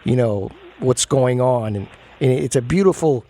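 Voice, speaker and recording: A man's voice: mid-range voice, animated, moderate pace, dark tone. A man hosting an interview, reacting eagerly with laughs and exclamations of amazement. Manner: eager listener, frequent laughs and wow reactions. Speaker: interview host.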